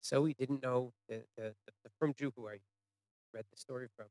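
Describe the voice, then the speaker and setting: A man telling a story to an audience, halting and repeating words, dropping to a hush and rising loud. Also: mid-range voice, steady tone, no room sound. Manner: voice swings from hushed to loud for quoted cries.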